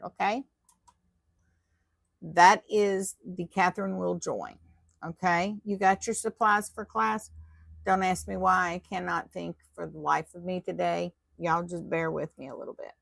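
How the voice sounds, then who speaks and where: Lady teaching a tatting class live, real gravelly low voice, chatty, laughs at herself, dry close mic. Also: a bit bright, dry recording. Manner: chatty, self-deprecating, talks to viewers while working. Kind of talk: live online craft class.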